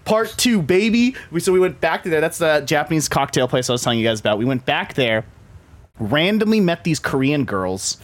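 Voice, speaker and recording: A man's voice: on the high side, sing-song, fairly quick, dry recording. Rambling casual podcast host, man. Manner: rambling storyteller, heavy use of filler "like". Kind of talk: casual chat.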